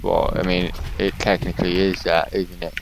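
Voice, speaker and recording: A man hosting a let's play, excitable and swearing, calling his viewers boys. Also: low-pitched, normal speed, creaky, background noise. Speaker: gaming channel host.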